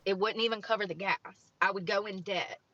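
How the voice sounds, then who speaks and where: A woman's voice: medium pitch, steady tone, brisk, bright, forceful tone, no room sound. A woman in her late thirties chatting casually and frankly to viewers in a plain, rambling way. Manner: plain-spoken, rambling, frank about money. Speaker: streamer on a watched stream. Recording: dull lo-fi stream audio.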